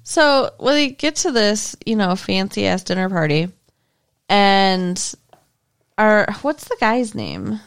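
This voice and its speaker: A woman's voice: mid-range voice, big pitch swings, slow, vocal fry, clean tone, no echo, studio quality. A woman co-hosting a podcast in casual chat, incredulous and questioning as she recaps a movie. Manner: incredulous, questioning, laughs often. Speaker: podcast co-host.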